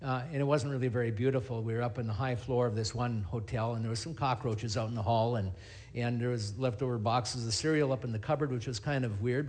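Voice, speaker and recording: A middle-aged man, a pastor, preaching a sermon and telling stories in a lively, animated way. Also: mid-range voice. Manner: storytelling, animated, acts out scenes.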